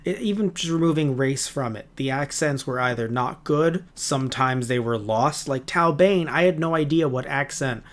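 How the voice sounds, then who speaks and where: A man in casual chat on a review podcast, rambling and animated. He throws in quick asides and playful voices at a middling pitch. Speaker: podcast co-host.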